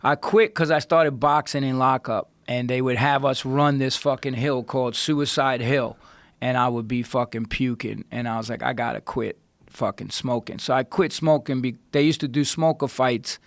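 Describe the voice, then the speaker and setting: Profane New storyteller. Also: male voice, medium pitch, normal speed, no room sound. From New York. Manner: profane, animated, swings his voice up for quotes. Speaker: podcast guest. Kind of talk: casual storytelling. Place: podcast studio.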